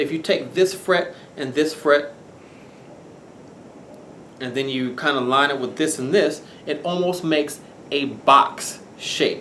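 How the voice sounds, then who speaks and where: A man teaching bass guitar, patiently counting out scale tones as he plays. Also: fairly bright tone, a little hiss or hum. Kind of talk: instructional lesson. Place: room with bass guitar playing. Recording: roomy echo with bass guitar playing.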